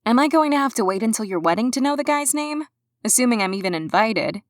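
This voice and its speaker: A woman's voice: expressive, fast, dry recording, lightly acted. Casting: woman reader as a caring, fussing young witch, slightly raised voice, in a dry booth. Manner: fussing, a little higher and brighter.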